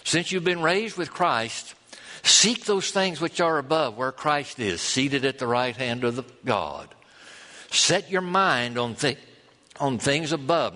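A man preaching a sermon, folksy and storytelling, drawing out key words slowly. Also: fairly high pitch, pushed and bright. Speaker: pastor. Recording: long hall reverb.

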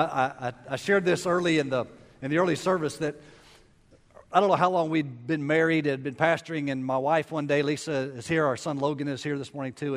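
Folksy pastor preaching in a reverberant hall. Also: male voice, on the high side. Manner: folksy, rambling, self-deprecating. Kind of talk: sermon. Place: church sanctuary. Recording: long reverb of a church hall.

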